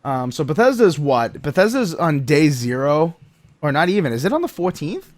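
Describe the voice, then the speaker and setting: A man's voice: fairly high pitch, big pitch swings, moderate pace, dry recording. A man hosting a casual gaming podcast, rambling with many fillers and reading out chat comments. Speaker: podcast host.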